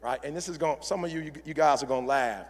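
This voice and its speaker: A middle-aged man giving a motivational convention speech in a preacherly style, building from quiet to shouted fervor. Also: fairly high pitch, fast. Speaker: motivational speaker. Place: large convention hall. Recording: live hall reverb.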